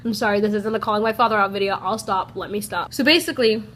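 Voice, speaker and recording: A woman's voice: medium pitch, quick pace, a bit bright. A young American woman chatting through a personal story on her vlog, peppering her talk with "like" and acting out what people said. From United States. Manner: chatty, fills speech with "like", acts out quoted people. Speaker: vlogger. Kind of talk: casual storytime.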